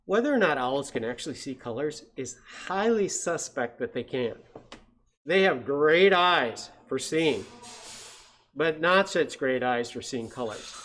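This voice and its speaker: Slow, animated man reading storybooks aloud. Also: on the high side, slight background noise. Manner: animated storytelling with bird sound imitations. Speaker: science center educator. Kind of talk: reading picture books aloud to kids. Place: science center room.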